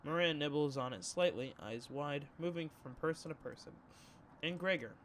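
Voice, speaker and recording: A man's voice: fairly high pitch, moderate pace, fairly bright tone, slight background noise. A young man streaming, reading a story game aloud in a casual tone, with slang asides. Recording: game music behind voice.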